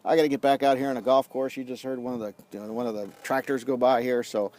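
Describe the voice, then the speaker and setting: A middle-aged man telling a lively story in a casual vlog outdoors, acting out the dialogue as a leadership coach. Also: medium pitch, quick pace. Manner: animated storyteller, acts out dialogue. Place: outdoors on a golf course.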